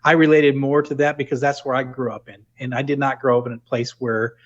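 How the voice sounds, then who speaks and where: A middle-aged man from New England talks with no regional trace, speaking at a mid pitch. He is thoughtful and loose, restarting sentences as he goes. The line sounds slightly dull and lo-fi. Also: flat delivery, a little fast. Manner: reflective, full of restarts and "you know". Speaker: podcast guest. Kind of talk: casual interview talk.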